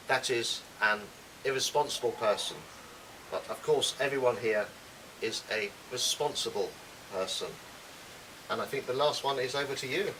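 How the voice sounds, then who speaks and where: Soft-spoken man teaching vocabulary. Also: mid-range voice, normal speed, far from the mic, slight background noise, low-quality recording. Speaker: English teacher. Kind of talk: explaining vocabulary.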